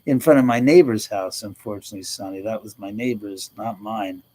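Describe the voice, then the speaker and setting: A middle-aged man hosts a casual livestream, reading comments and chatting with viewers while laughing often and swearing freely. His voice is on the low side and warm, and he talks fairly quickly. The recording quality is low.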